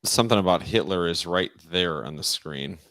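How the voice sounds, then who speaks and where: A man chiming in on a casual online panel with relaxed, offhand remarks. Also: deep voice, normal speed, no room sound.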